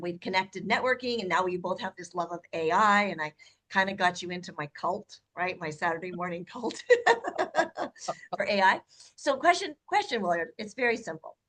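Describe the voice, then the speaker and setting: A woman's voice: medium pitch, a bit bright. A woman hosting a casual interview chat, bubbly and enthusiastic, often using "like" and "right?". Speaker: host.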